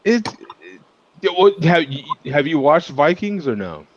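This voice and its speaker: A man's voice: fairly high pitch, a little slow, dry recording, dull audio. A man hosting a casual chat over beers on a video call, laughing often as he tells stories. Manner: laughs often, animated storytelling. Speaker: host.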